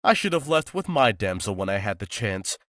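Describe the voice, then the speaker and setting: A man's voice: fairly low pitch, very animated, normal speed, fairly bright tone, dry recording, studio quality. Man putting on a Jason, a fussing, dramatic werewolf. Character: excitable young male werewolf, Damon's best friend. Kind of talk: audiobook character voice.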